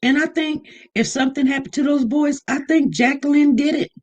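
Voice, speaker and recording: A woman giving casual commentary on a vlog, animated and repeating herself as she mimics other people. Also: high voice, brisk, lo-fi sound. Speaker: online news commentator.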